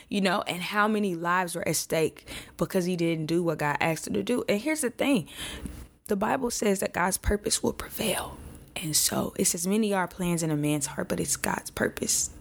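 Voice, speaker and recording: A woman's voice: fairly low pitch, normal speed. Heartfelt woman podcast host. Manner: casual and heartfelt, talks straight to listeners as "y'all"; emotional, often near tears. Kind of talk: faith encouragement podcast talk.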